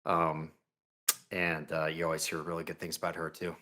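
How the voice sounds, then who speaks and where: A man's voice: extremely low pitch, completely flat delivery, moderate pace, pushed and bright. A man talking as a podcast guest in casual chat, easygoing with many fillers. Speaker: guest, reviewer.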